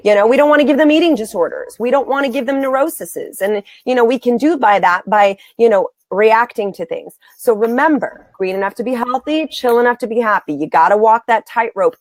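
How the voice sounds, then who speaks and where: Woman host, higher register, dry sound, emphatic and repetitive, chatty live-stream energy. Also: lively intonation, moderate pace, hardly any pauses, dry recording. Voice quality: bright, emphatic, repeats words for stress. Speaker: host, blogger. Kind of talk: casual live-stream chat.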